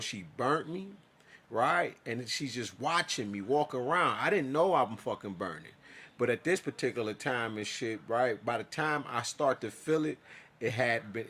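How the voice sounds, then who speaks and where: A man's voice: mid-range voice, fairly bright tone, husky. A man telling his own story in a casual, profane monologue, acting out his side of conversations.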